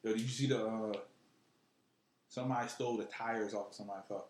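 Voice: medium pitch, fairly even intonation, fast, a little mellow, echoey room, slight background noise. A podcast co-host chatting casually, laid-back and often laughing along. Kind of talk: casual chat.

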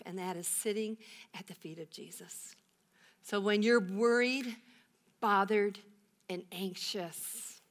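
Lady pastor preaching, tells the bible story, asks the room questions, repeats words for emphasis. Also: medium pitch. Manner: warm storytelling with rhetorical questions and emphatic repetition. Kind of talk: sermon.

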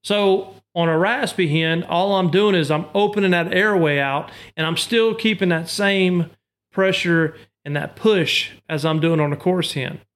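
A man's voice: sits high, a little slow, a bit bright. A man in casual talk, patiently explaining duck-call technique step by step. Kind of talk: casual instructional chat.

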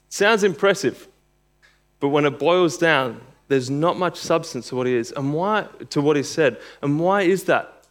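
A man delivers an expository sermon, reading scripture aloud and then explaining it. His voice sits on the higher side for a man. It lifts and grows louder when he stresses a point. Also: lively intonation, normal speed. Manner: expository preaching, reads scripture aloud, rises in pitch for emphasis. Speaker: preacher.

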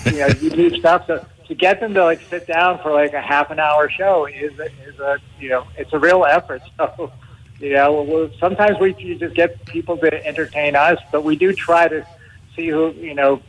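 A man's voice: fairly high pitch, fairly even intonation, moderate pace, poor audio. A middle-aged man as a guest in a casual interview, chatty, laughing often and restarting his sentences.

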